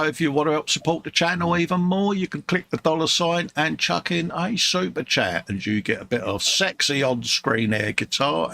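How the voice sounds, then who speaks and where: A man's voice: medium pitch, creaky, bright, forceful tone. A British man hosting a casual livestream chat at his hobby bench, jokey and full of playful slang, sounding tired. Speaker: livestream host. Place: hobby workbench room.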